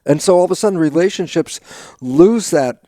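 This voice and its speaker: An older man, a biologist guest in an interview, telling stories with lively acted-out quotes of his own inner dialogue and frequent laughs. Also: a little high, moderate pace, dry recording. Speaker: guest, stem cell biologist. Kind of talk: animated storytelling interview talk.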